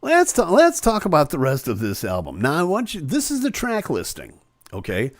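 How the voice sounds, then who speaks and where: A man's voice: a little high, huge pitch swings, no echo, studio quality. A male host in casual live-stream chat, reading comments and talking with many fillers and restarts. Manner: chatty, halting with fillers and restarts.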